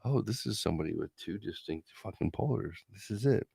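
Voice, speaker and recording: A low, gravelly male voice swings wildly in pitch as he reacts on a live stream. His profane, incredulous commentary comes in bursts of theatrical disbelief. The sound is dry and close. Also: animated, fairly quick, warm tone, no echo. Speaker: streamer host.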